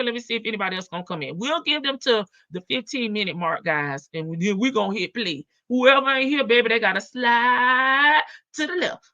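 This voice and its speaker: A woman's voice: on the high side, bright, forceful tone, no room sound. Sassy, brash woman hosting a live stream. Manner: sassy, brash, swears freely and laughs often. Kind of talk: casual live-stream commentary. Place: home in Las Vegas. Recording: dull lo-fi stream audio.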